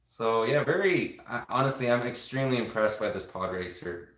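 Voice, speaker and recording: A man talks casually to his live-stream viewers in a middle-pitched voice. His talk rambles from point to point as he builds and shows things off. The sound carries a clear room echo from a home setup. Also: expressive, normal speed, a bit bright.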